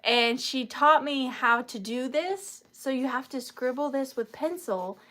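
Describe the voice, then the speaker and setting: A woman in her thirties talks through a live vintage sale in a chatty, gushing way. Her voice sits a little high, and she takes her time with every sentence. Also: unhurried, a bit bright. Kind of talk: casual live-sale chat.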